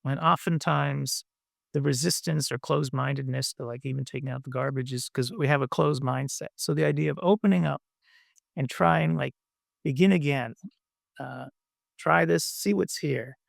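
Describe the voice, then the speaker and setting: A man teaching meditation, speaking gently and haltingly with many pauses and fillers. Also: medium pitch, gravelly, no room sound, clean studio sound. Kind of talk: dharma talk.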